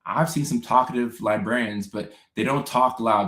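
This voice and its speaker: Brief: chatty young host with a low, laid-back voice. He laughs easily and speaks in a roomy, echoing space. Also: fast, hardly any pauses, fairly bright tone. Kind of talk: casual livestream chat reading viewer comments. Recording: roomy echo.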